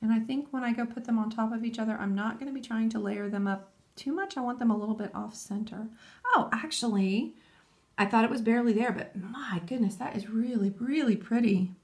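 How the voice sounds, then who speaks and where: Woman nail-art vlogger, casual and excitable, thinks aloud, a touch high-pitched. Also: a little fast. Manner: chatty, enthusiastic, thinking aloud. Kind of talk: casual tutorial chat.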